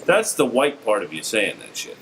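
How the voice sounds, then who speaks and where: A man's voice: lowish voice, big pitch swings, moderate pace, heavy background noise. A man from West Virginia chatting casually as a podcast guest and comedian, joking and laughing often. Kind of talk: casual chat.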